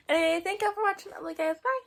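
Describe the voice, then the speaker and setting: A woman's voice: very high-pitched, creaky, fairly bright tone. A teenage girl telling a rambling, giggly story to her viewers, full of fillers and restarts. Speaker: vlogger. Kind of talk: casual storytelling to camera.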